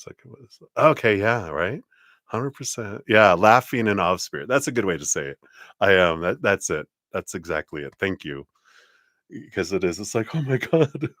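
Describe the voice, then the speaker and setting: A man with a very low voice gives a live tarot reading. He talks in a chatty, loose way, laughing often and leaning on fillers. The sound is close and dry. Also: a bit bright, dry recording. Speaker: tarot reader.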